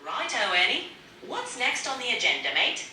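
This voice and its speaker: Jolly pirate played by a bright synthetic woman's voice, heard from across an echoey room. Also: on the high side, big pitch swings, moderate pace, distant mic, a little hiss or hum, pitched above the performer's own voice, heavily acted. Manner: hammy pirate talk, upbeat. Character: cheery female AI doing a pirate.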